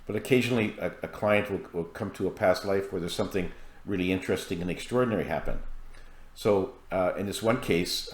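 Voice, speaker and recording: A man, an author and hypnosis practitioner, talking to camera in a calm, measured way with occasional fillers. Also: low-pitched. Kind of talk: monologue to camera. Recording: roomy echo.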